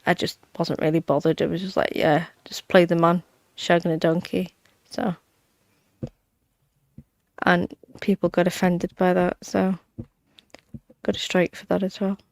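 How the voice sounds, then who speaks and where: A woman's voice: fairly low pitch, level tone, measured pace, long pauses, a little mellow, no echo. A woman, chatting bluntly and casually on a talk panel and laughing often. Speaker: panel guest. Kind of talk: casual chat.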